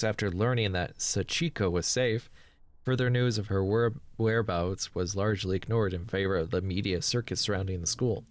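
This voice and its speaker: A man's voice: on the low side, dry recording. A man hosting a horror game playthrough, reading its text aloud and muttering dry asides. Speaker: let's play host.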